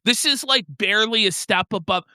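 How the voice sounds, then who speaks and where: A young man co-hosting a crude comedy stream, mocking and loud, slipping into joke voices. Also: sits high, brisk, dry recording, studio quality. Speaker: podcast co-host.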